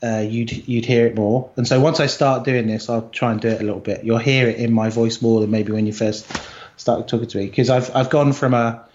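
A man's voice: mid-range voice, steady tone, a little fast, a little mellow, lo-fi sound. A middle-aged British man from the Isle of Wight, talking casually and thoughtfully as an interview guest, with fillers and restarts. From Isle of Wight, England. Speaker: guest, agency co-founder.

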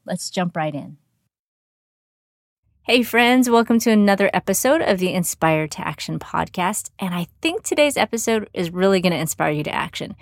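A podcast host from Texas, USA, with a mild Texan accent, chats upbeatly in a casual interview, using many fillers and restarts. Her lowish voice has lively intonation and a moderate pace, recorded at studio quality with no echo.

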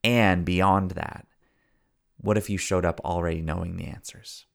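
A man's voice: deep voice, steady tone, unhurried, gravelly, fairly bright tone. A man hosting a podcast as a story coach, speaking earnestly in a preachy, motivational way and repeating phrases for emphasis.

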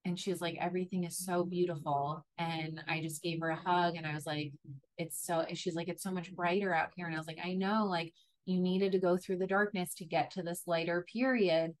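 A young woman with a voice pitched a little low talks through a personal story as a podcast host. Her delivery is loose and chatty, full of "like" and small restarts. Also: steady tone, brisk. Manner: chatty, frequent "like" fillers.

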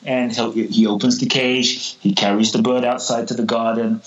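A man telling a parable in a podcast interview, animated and repeating words as he acts out the characters. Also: mid-range voice, moderate pace, muffled recording. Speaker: guest, spiritual teacher.

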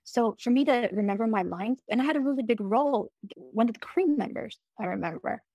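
A young adult woman musician, a guest in a casual interview, telling lively stories with casual swearing and acting out what others said. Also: fairly high pitch, a little fast, no room sound. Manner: animated, acts out quoted dialogue, casual swearing.

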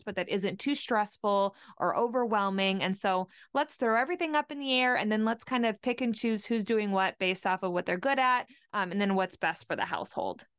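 A woman's voice: mid-range voice, a bit bright, smooth, no room sound, clean studio sound. A woman hosting a radio money show in a casual chat, upbeat and explaining with little example quotes. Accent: Upper Midwest American. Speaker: radio host and money coach.

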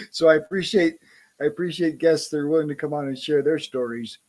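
A man's voice: on the high side, moderate pace, darkish tone. A man hosting a podcast interview, affirming his guest in a casual chat and stumbling over restarts. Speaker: podcast host.

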